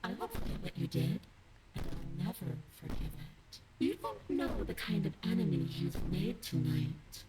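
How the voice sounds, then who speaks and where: An actress voicing a chained, vengeful young princess who threatens coldly and deliberately in a video game. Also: female voice, mid-range voice, wildly swooping pitch, rough recording. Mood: menacing.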